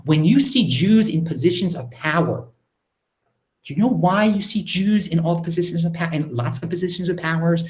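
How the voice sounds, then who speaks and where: Guy answering chat questions on a livestream, keeps his voice low, stumbles and restarts a lot. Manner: animated, talks over himself with quick restarts; lowered, near-whispering voice. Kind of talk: casual live Q&A. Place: apartment.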